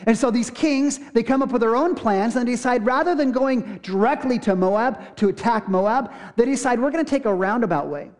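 A man's voice: very high-pitched, expressive, normal speed, hardly any pauses. A young adult man preaching a sermon, retelling a scripture passage casually and acting out the characters' lines. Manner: casual storytelling with acted-out quotes. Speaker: pastor.

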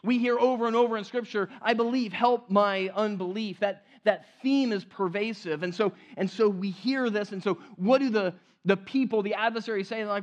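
Male pastor, high-pitched, conversational sermon delivery with hushed emphatic drops. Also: moderate pace, hardly any pauses.

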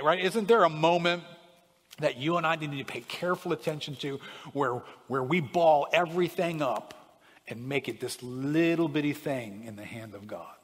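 A man preaching a sermon, reading scripture with emphatic swells and dropping to quiet asides, often checking in with "right?". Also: mid-range voice, normal speed, husky, big-room sound. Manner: preaching with emphatic rising and falling delivery, frequent "right?". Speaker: pastor.

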